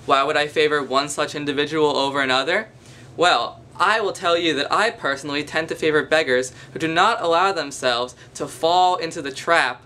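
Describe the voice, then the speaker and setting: A man's voice: on the high side, sharp tone. A young man with a nasal voice, speaking to camera in a mock-formal, pompous manner from a basement at night. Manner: pompous, long-winded formal phrasing. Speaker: vlogger. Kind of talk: mock-formal comedic monologue.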